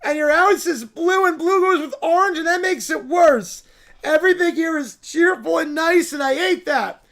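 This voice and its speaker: A man's voice: very high-pitched, normal speed, gravelly, a bit bright, pitched above the performer's own voice, full character voice. A man voicing a whiny, bratty four-year-old boy bear cub in comic cartoon style. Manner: whiny, petulant outbursts. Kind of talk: comedic voice acting of donated scripts.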